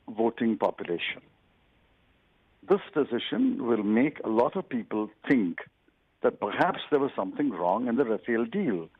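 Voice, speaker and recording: Older guy on a tinny phone line, husky, careful lawyer-ish talk, leans on words. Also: medium pitch, dry recording. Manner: deliberate, lawyerly, emphatic on key words. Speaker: political guest interviewed. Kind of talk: measured televised interview answers.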